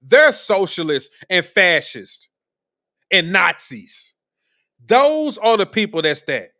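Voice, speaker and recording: A man's voice: sits high, very animated, slow, sharp tone. A man hosting a live political commentary stream, talking in a blunt, profane, combative way. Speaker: streamer host.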